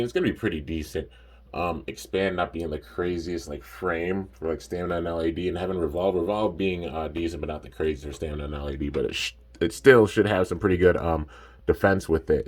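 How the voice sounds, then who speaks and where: Young man, very low voice, casual unboxing chat, rambling, slightly sleepy. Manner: laid-back, rambling, peppered with "man" and "like". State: a bit sleepy. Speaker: toy reviewer.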